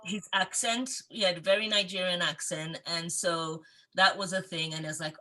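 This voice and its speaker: A woman telling lively stories in a group video chat, laughing often. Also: lowish voice, moderate pace. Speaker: participant. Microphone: video call.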